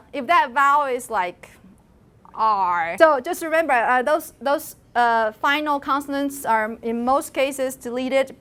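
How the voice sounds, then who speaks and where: Middle-aged lecturer, female, high voice, lively, models sounds for her students. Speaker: university lecturer. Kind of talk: classroom lecture on phonology. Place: lecture classroom.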